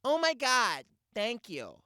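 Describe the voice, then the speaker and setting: A man voicing a frantic, gushing suburban mother yelling from her car window, shrill and breathless, repeating herself over and over. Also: wildly swooping pitch, slow, clear, resonant tone, no echo, studio quality, exaggerated voice.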